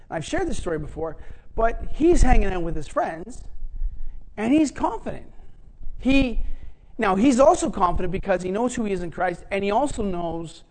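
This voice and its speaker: A middle-aged preacher giving a sermon in a conversational, animated way, often acting out what others said. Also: medium pitch, poor audio. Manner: animated, acts out quoted dialogue; conversational, many fillers and restarts. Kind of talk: sermon storytelling.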